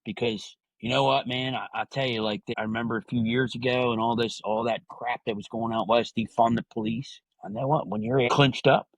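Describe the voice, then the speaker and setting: A man's voice: mid-range voice, steady tone, brisk, hardly any pauses, no echo, rough recording. A man, talking candidly and earnestly as a podcast guest, often tacking "man" onto his sentences. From New Jersey. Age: 50s. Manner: earnest, heartfelt, repeats "man" often, many restarts. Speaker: podcast guest, retired correctional officer. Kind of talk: candid personal interview talk.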